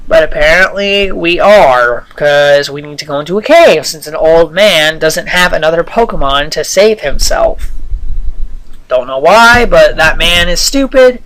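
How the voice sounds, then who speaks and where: Rambling bright-voiced male game commentator. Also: fairly high pitch, lively intonation, a little slow, poor audio. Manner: rambling, many fillers and restarts. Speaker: gameplay commentator.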